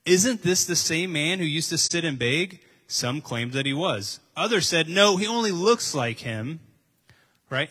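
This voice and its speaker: A pastor preaches a conversational sermon in a slightly high voice that sounds pushed and bright. He reads scripture, asks his listeners questions, and repeats phrases for emphasis.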